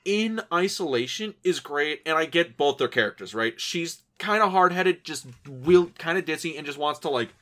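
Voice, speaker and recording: A man's voice: on the high side, expressive, normal speed, hardly any pauses, bright, forceful tone. A man hosting a film podcast, chatting loosely, swearing freely and acting out scenes with playful impressions. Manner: casual and profane, retelling scenes with playful impressions. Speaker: podcast host. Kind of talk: casual film podcast chat.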